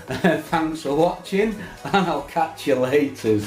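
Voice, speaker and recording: A man's voice: mid-range voice, lively intonation, slow, darkish tone, echoey room, soft background music. A man, a fishing vlogger telling a rambling, swearing anecdote with lots of restarts. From England. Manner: swearing, laughing anecdote teller with many restarts. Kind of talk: casual storytelling.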